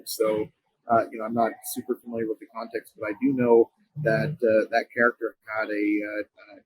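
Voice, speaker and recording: A man with a husky, slightly breathy voice recounts a personal story as an interview guest. He talks earnestly, often stopping and restarting mid-sentence. The sound is dry and close. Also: on the low side, no echo, rough recording. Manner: earnest, halting, frequent restarts. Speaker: company co-founder, interview guest.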